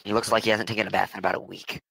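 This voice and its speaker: A man from Germany narrating a tabletop game as game master, relaxed and correcting himself as he goes. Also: fairly low pitch, rapid-fire, gravelly, breathy edge, no echo, poor audio.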